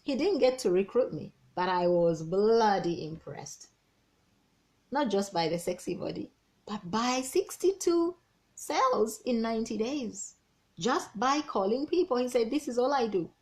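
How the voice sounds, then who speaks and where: A woman, a business coach giving an energetic, persuasive team training talk and repeating key words. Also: a little high, a little slow.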